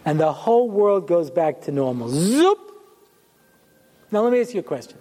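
A man's voice: on the high side, big pitch swings, fast talker, mellow. A man giving a Torah lecture as a rabbi, talking conversationally with jokes and rhetorical questions. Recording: long hall reverb.

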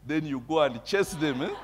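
A man preaching a sermon, reading scripture and explaining it in a conversational way, checking in with listeners and chuckling at his own points, with loud emphatic bursts. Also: medium pitch, a little hiss or hum. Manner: conversational, tags remarks with "eh?". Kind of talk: sermon with bible reading and commentary.

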